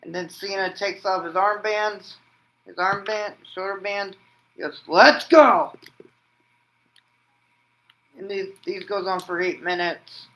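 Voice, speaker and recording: A man hosting a wrestling vlog, narrating an imagined match like play-by-play and shouting out the pin counts. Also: high-pitched, little pitch movement, normal speed, poor audio. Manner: breaks into loud shouted pin counts and move calls; rambling, restarts sentences with "and then". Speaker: wrestling vlogger host. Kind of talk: excited fantasy-booking play-by-play.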